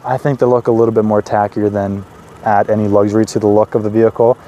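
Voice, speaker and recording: A man in his twenties hosting a car review, talking in an excitable, chatty way with casual asides as he walks around a parked car outdoors. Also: lowish voice, fast talker, dull audio. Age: 20s.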